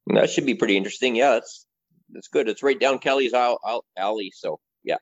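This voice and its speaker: A man co-hosting a podcast, chatting in a relaxed, easygoing way and laughing along. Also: medium pitch, a little fast. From Canada. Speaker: podcast co-host. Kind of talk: casual podcast chat. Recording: dull lo-fi sound.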